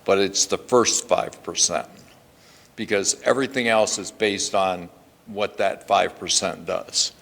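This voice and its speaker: A man's voice: low-pitched, steady tone, unhurried, creaky, fairly bright tone. An older man, a state senator, gives a plainspoken, emphatic speech at a podium in a hotel event hall, restarting his sentences often. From Pennsylvania. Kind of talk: speech at a press club luncheon.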